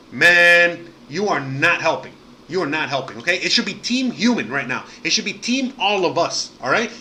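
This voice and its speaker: A man's voice: high-pitched, bright, forceful tone, a little hiss or hum. A man hosting a live stream, talking straight to his viewers in a heated, profane, outraged rant full of fillers. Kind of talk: casual ranting monologue to viewers.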